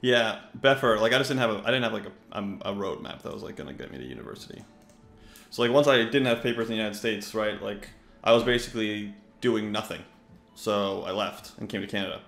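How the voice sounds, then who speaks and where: A young man rambles through his poker hands in a loose, chatty stream commentary and swears freely. His voice sits low with a gravelly edge. It echoes around a roomy space over faint music. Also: fairly quick, a bit bright. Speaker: poker player and coach. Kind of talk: casual live-stream commentary while playing.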